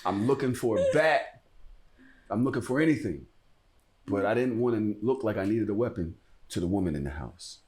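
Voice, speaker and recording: A man's voice: fairly low pitch, moderate pace, slight background noise. A young man hosting a podcast, telling a story in casual chat, profane and acting out the voices of the people in it. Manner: animated, profane, swings into loud acted-out quotes. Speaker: podcast host.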